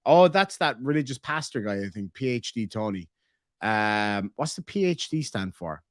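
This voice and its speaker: A man's voice: lowish voice, very animated, moderate pace, no room sound, studio quality. Joking Irish man reading chat. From Ireland. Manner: joking, crude, rambling. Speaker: streamer host reading member messages. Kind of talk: casual reaction stream chat.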